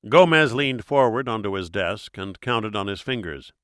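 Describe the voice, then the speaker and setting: A man narrating an audiobook chapter in a steady, measured storytelling manner. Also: lowish voice, clean tone, no echo, clean studio sound.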